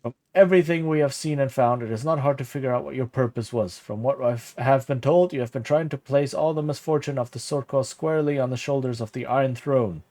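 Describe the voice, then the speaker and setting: A man's voice: medium pitch, a little fast, hardly any pauses, mellow, lightly acted. A man voicing a stern older male keeper who formally accuses someone, reading the game dialogue aloud in a plain voice.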